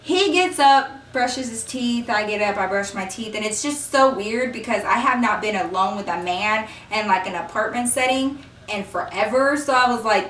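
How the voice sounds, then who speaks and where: A woman's voice: a little high, brisk, a bit bright, reverberant, far from the mic, slight background noise. A young woman in a storytime vlog, animatedly telling a personal story and acting out the dialogue. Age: young adult. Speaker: vlogger.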